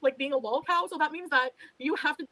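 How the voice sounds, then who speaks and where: A woman's voice: high-pitched, fairly quick, pushed and bright, dry recording, poor audio. A woman streamer venting on a livestream, exasperated and resigned, swearing often. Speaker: streamer in a played clip.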